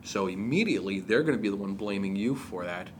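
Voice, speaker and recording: Animated, swearing man telling stories. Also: on the low side, fast, a little hiss or hum. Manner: animated storyteller, swears freely. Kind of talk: casual chat.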